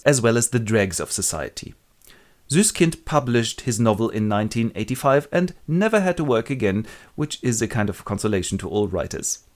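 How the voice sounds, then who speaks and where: Wry, lively male book narrator. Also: medium pitch. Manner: wry, playful and joking. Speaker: literature video host. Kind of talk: comic book summary narration.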